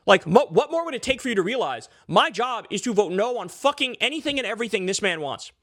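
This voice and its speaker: A man's voice: sits high, very animated, fast talker, fairly bright tone, no room sound, studio quality. A man delivering a heated, profane, sarcastic political commentary rant, full of filler likes. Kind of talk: ranting political commentary vlog.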